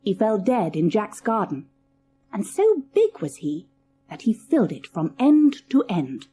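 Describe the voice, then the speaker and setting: Woman narrating a kids fairy tale, lively up and down, mellow voice, faint music. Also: medium pitch, measured pace, slight background noise. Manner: expressive, dramatic reading. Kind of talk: storybook narration.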